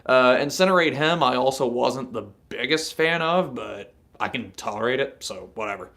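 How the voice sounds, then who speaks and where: A man's voice: medium pitch, expressive, normal speed, fairly bright tone. A young man from North Carolina hosting a casual live stream, chatty, swearing freely and laughing at his own jokes.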